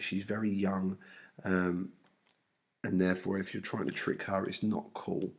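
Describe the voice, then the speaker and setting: Gravelly teacher explaining a play. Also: male voice, low-pitched, little pitch movement, a little slow. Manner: casual, explains in everyday slang. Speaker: English teacher. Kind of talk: literature lesson, reading and paraphrasing.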